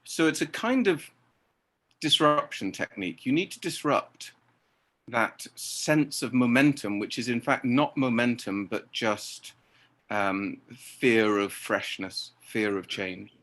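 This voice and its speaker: A man's voice: medium pitch, expressive, takes it slowly, fairly bright tone. A man, a theatre director speaking articulately in an interview. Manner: articulate, acts out voices in quotes. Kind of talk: interview conversation.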